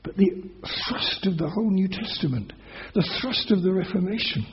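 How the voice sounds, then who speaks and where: A man's voice: sits high, animated, normal speed, dull audio. A man preaching a sermon as pastor, earnest and emphatic, pressing his listeners with rising questions.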